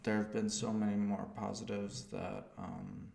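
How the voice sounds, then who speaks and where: Slow, gravelly-voiced man in an echoey room. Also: fairly low pitch, big pitch swings, a little mellow. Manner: slow, hesitant, with fillers. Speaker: streamer learning a language. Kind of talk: casual live stream commentary. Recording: roomy echo.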